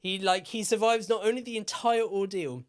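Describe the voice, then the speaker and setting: A man's voice: sits high, moderate pace, clear, resonant tone. Tipsy man telling a story. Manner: animated, swearing, repeats himself. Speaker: podcast co-host. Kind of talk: casual storytelling chat.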